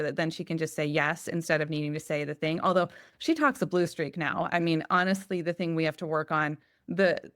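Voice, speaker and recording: A mother in her forties, a podcast guest, telling a story with lively acted-out quotes. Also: fairly low pitch, no echo, clean studio sound. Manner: animated, acts out quotes. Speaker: guest, parent. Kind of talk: casual storytelling.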